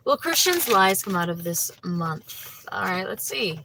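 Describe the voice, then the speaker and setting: A woman reading tarot live for her viewers, talking in a loose, chatty way with plenty of fillers. Her voice is bright and a bit tense and sits on the low side. There is a faint hiss in the background. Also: lively intonation, normal speed, poor audio. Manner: chatty, many fillers like "you know" and "like"; laughs easily, talks to viewers by name. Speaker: tarot reader.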